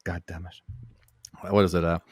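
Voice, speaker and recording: A man's voice: deep voice, little pitch movement, normal speed, a little mellow, slightly rough, no echo, studio quality. A man co-hosting a podcast in rambling, jokey, self-deprecating banter. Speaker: podcast co-host.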